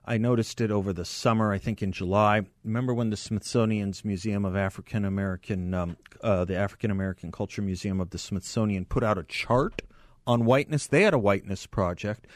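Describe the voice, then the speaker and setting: A man hosting a talk radio show who interviews a guest and reads the station's phone number, speaking conversationally with quick affirmations. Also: fairly low pitch, dry recording, studio quality.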